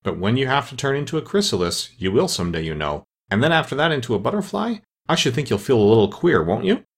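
A man's voice: medium pitch, very animated, quick pace, slightly rough. A man voicing a polite, earnest, curious little girl in a storybook reading.

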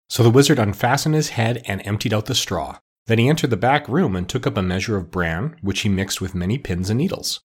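A man narrating a classic children's novel as an audiobook, in a measured, expressive storytelling manner. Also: lowish voice, husky. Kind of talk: scripted narration.

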